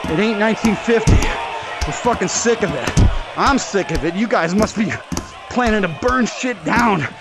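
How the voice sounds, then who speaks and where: A man with a fairly high voice curses and rants while throwing punches in a VR boxing game. He is out of breath from the workout and often bursts into shouts. His voice comes through a headset mic. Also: normal speed. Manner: profane, angry ranting with shouted outbursts. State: out of breath from exercise. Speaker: VR fitness vlogger.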